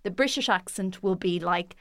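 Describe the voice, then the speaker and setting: A woman's voice: on the low side, normal speed, a bit bright, no echo, clean studio sound. An Irish woman comedian joking playfully as a podcast guest, laughing at her own lines. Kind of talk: casual comic chat.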